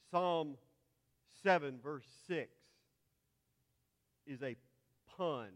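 A man with a Texan accent and a medium, somewhat bright voice teaches a Bible class, spelling out terms letter by letter during the lecture. A long hall reverb hangs on the recording.

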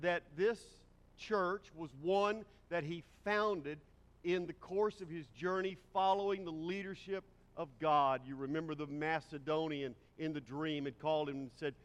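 Pastor preaching in a reverberant church. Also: male voice, a little high. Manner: varies pace and volume for emphasis. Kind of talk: sermon. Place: church sanctuary. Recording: long hall reverb.

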